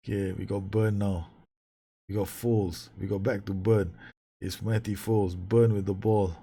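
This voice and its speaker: Deep husky guy playing a football manager game, rambles, swears, yells at his players. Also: normal speed. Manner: excitable, swears and laughs, talks to his players. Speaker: gaming YouTuber. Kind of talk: casual Let's Play commentary.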